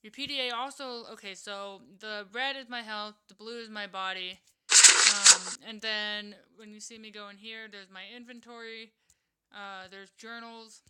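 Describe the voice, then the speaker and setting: A woman's voice: medium pitch, steady tone, unhurried. A woman reading a text game aloud and chatting about it casually, often stumbling and correcting herself. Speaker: let's player. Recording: loud background noise, typing clicks.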